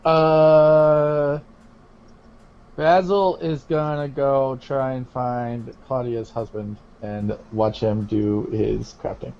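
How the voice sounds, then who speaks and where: A player at a tabletop role-playing game, talking casually and slowly. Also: level tone. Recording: dull low-fi audio with clear noise.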